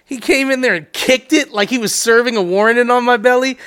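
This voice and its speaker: A man telling a profane, rambling story in casual chat, dropping into a low mumble when he quotes people. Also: brisk, fairly bright tone, clear, resonant tone.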